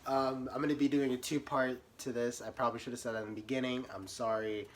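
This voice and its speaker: A young man telling a comic story about himself, animated, swinging from muttered asides to sudden yelps. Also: mid-range voice, fast, slight background noise. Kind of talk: comedic storytime monologue.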